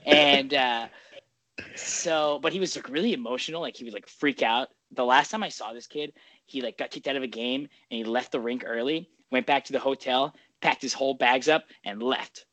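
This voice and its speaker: A man in the host's chair of a casual chat, rambling from thought to thought with plenty of swearing and laughs. His voice sits at an ordinary middle pitch and sounds dry and close, with no room around it. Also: moderate pace, pushed and bright, no room sound. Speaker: podcast host.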